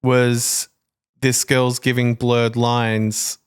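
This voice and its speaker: A woman's voice: rumbling low, level tone, drawn-out words, clear, resonant tone. A woman co-hosting a podcast in casual chat, reading facts out and then riffing on them. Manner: chatty, reads facts out then riffs. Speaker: podcast co-host.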